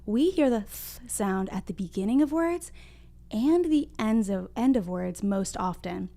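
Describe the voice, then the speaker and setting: A young woman teaching a livestreamed phonics lesson to small children, encouraging them and sounding out letters slowly and clearly at a whiteboard. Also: mid-range voice, expressive, dark tone. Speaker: kindergarten reading teacher. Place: home room at a whiteboard.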